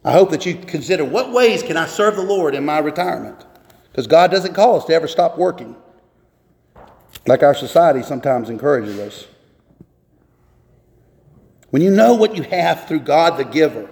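A man's voice: on the high side, expressive, normal speed, creaky, a little mellow. A man in his twenties or thirties preaching a sermon as pastor, impassioned and voicing biblical figures in quotes. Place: church sanctuary. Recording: echoey church hall.

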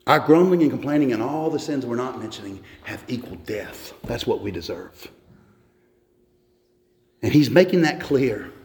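A man's voice: medium pitch, lively intonation, moderate pace, darkish tone. A man giving a sermon as pastor, earnest and conversational, often restarting his sentences. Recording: echoey hall with long reverb.

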